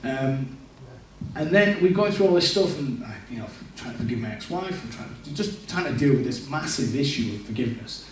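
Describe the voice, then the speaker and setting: A man's voice: medium pitch, expressive, brisk, slight background noise. A man giving a personal testimony in church, talking in an earnest, reflective way. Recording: echoey church room, mic at a distance.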